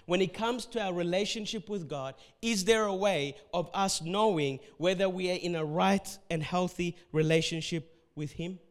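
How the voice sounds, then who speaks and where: Ethiopian-born pastor guy preaching, high voice, acts out all the quotes. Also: normal speed, hardly any pauses. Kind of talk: sermon.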